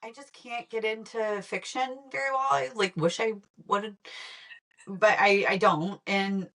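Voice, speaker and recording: A woman guest in a casual conversation, lively and laughing often, trailing off mid-sentence. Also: medium pitch, unhurried.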